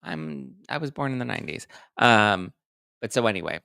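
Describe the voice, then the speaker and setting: Chatty man with a gravelly voice. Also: on the low side, moderate pace, no echo, clean studio sound. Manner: chatty, animated, reads live chat aloud. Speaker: host. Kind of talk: casual livestream chat.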